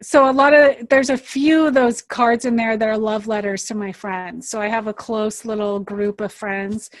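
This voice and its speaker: A woman's voice: fairly high pitch, steady tone, normal speed, no room sound. A woman talking as an interview guest, candid and casual, swearing freely and laughing often. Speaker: guest, author of a card deck.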